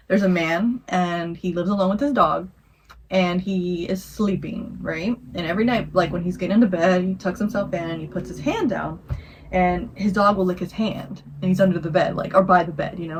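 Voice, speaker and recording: A woman co-hosting a podcast, telling a campfire scary story in a rambling, animated way and acting out the voices. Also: lowish voice, a little hiss or hum, poor audio. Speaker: podcast co-host. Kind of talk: casual storytelling chat.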